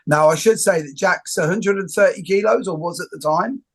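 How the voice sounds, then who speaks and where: A middle-aged man hosting a casual interview, telling jokey, animated stories. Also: high voice, fairly quick, few pauses, slight background noise. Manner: joking, animated storyteller. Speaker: host.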